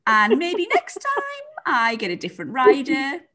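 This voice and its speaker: A woman voicing a male show-jumping pony with a foreign accent, flat and deadpan in a lowered voice. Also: unhurried, husky, heavily acted.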